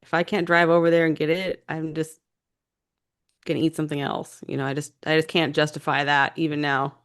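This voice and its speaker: Candid low-voiced woman co-hosting. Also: fairly quick, smooth. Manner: relaxed and candid, with frequent "you know" and "I just". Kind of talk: casual conversation.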